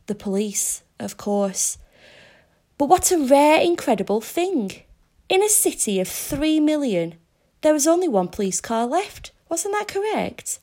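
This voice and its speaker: A woman narrating a story aloud in a measured, descriptive reading. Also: high-pitched, big pitch swings, mellow.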